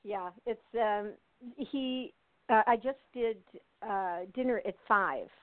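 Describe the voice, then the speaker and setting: Slow-paced and mid-range, an older American woman gives a casual interview over a tinny phone line. She's talkative and laughs frequently, her easy, looping sentences packed with fillers and restarts, and the sound is dry and close.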